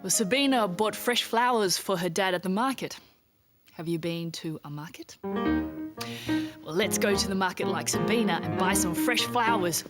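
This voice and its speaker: A woman's voice: mid-range voice, normal speed, music in the background. A woman with an Australian accent, presenting a children's TV show, chanting rhymes and inviting children to join in. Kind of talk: sing-song rhymes and games for young children.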